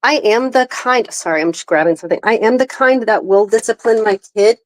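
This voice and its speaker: Young woman, chatty co-host, animated storyteller who acts out dialogue. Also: mid-range voice, a little fast, rough recording. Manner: animated storyteller acting out quotes. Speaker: podcast co-host. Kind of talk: casual chat.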